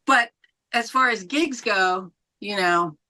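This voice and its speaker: Animated, bright-voiced woman guest. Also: medium pitch, takes it slowly. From New Mexico. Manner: animated, chatty, laughs often, swears casually. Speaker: metal band vocalist, podcast guest. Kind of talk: casual interview chat.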